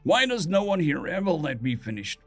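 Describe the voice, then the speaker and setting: A man voicing a defiant dead atheist who stays calm and coldly confident, asking one probing question after another. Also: on the high side, fairly quick, soft background music, voice pushed up.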